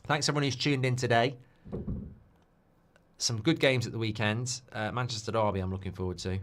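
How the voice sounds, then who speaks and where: A man's voice: on the low side, fairly bright tone. A man hosting a live football watchalong stream, chatting off the cuff and answering viewer requests. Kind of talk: live-stream casual chat.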